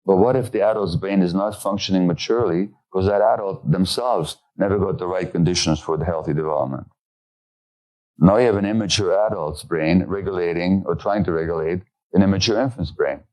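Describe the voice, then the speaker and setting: Low-voiced man explaining calmly. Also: low-quality recording. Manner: measured, explanatory. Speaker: speaker on parenting and development. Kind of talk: lecture clip.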